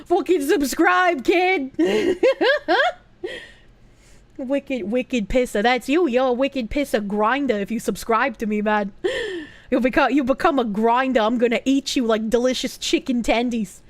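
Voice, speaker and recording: A loud, swaggering Boston guy, put on by a woman on a stream, hyping subscriptions in thick slang. The voice sits fairly high and sounds dry and close. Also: moderate pace, no room sound, close to an everyday voice. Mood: brash.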